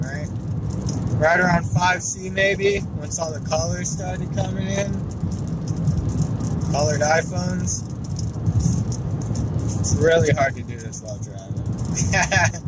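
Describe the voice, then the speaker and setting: A man's voice: high voice, expressive, takes it slowly, pauses often, over loud music. A man doing a stand-up set from his car while driving, telling stories in a wry, conversational way. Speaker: stand-up comedian. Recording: noisy car interior. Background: car and road noise.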